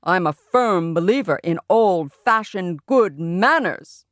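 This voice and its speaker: A woman voicing a pompous, booming older man who is stiff about manners in a children's audiobook. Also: lively intonation, dry recording, studio quality. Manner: slow and pompous.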